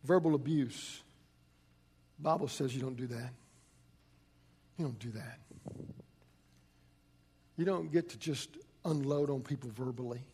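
A man's voice: mid-range voice, measured pace, long pauses, mellow, slightly rough. A man, a pastor preaching a conversational sermon and telling stories with frequent restarts.

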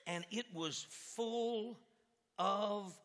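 A man preaching an animated sermon with a live demonstration, who stumbles over repeated words and works himself up to shouting. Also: high-pitched, extremely slow. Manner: stammers on repeated words, gets fired up and shouts. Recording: echoey hall with long reverb.

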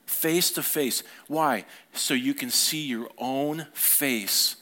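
A man's voice: mid-range voice, slow, pushed and bright. A middle-aged male pastor delivering a Sunday sermon. His speech is conversational, and he often turns to the congregation with questions.

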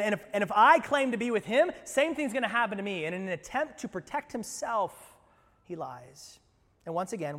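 A man with a fairly high voice preaching a sermon in a church, with long reverb trailing his words. He is animated, jumping between loud outbursts and hushed, low asides. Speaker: pastor. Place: church sanctuary.

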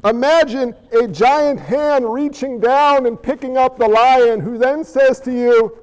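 A male pastor delivers a sermon with a strikingly high-pitched voice and a slow, deliberate pace. He leans hard on rhetorical questions and moves between forceful declarations and quiet, hushed asides. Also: muffled recording.

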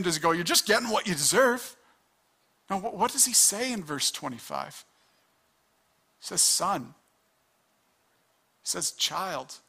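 A man's voice: fairly high pitch, bright, forceful tone. A man preaching a sermon in an earnest, conversational way, often restarting his words. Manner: earnest, conversational, with quick restarts and acted-out asides. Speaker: pastor.

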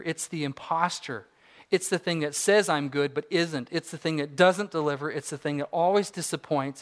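Forties male pastor, earnest sermon delivery, somewhat raised pitch. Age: 40s. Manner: earnest, swings between soft reflection and rising emphasis.

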